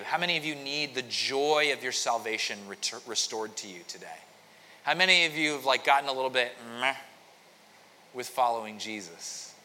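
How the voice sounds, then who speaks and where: A man's voice: medium pitch, moderate pace, pushed and bright. A man preaching a conversational sermon, telling a story with frequent restarts. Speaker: pastor. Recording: long hall reverb.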